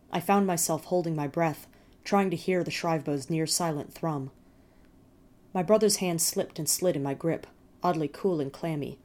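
A woman reading first-person fiction in a measured, steady storytelling manner. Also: low voice. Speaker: narrator.

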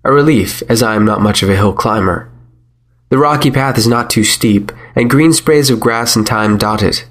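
A man narrating a first-person story in a measured, wry manner. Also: mid-range voice, fairly bright tone.

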